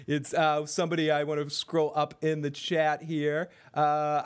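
A man's voice: fairly high pitch, completely flat delivery, measured pace, hardly any pauses, clean tone. A man hosting a casual TV recap chat, swearing freely, reading chat aloud and acting out scenes. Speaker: podcast host.

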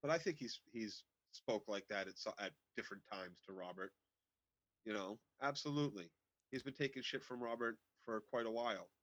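A man's voice: on the low side, brisk, fairly bright tone, no room sound, dull audio. A man co-hosting a casual TV recap podcast, blunt and opinionated, swearing heavily. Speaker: podcast co-host.

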